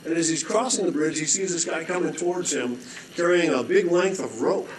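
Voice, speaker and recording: Animated middle-aged man telling a parable. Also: fairly high pitch, brisk, crowd noise. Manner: animated, restarts a lot, clears throat often. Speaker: rescue mission director, guest. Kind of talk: storytelling, conversational preaching. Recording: echoey room.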